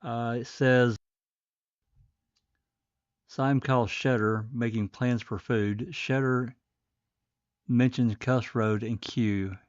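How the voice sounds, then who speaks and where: A man hosting a casual livestream, talking in a rambling, halting way with a faint Southern American accent. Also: mid-range voice, fairly even intonation, no echo. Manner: rambling, halting, many fillers. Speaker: livestream host. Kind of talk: casual commentary. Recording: dull dry lo-fi stream.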